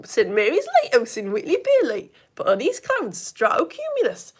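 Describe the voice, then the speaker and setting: A chatty Whitley Bay local with a broad, playful Geordie accent, put on by a woman teaching a live online science lesson. The voice sits a touch higher than her usual one and lilts up and down. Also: wildly swooping pitch, normal speed, slightly rough, full character voice.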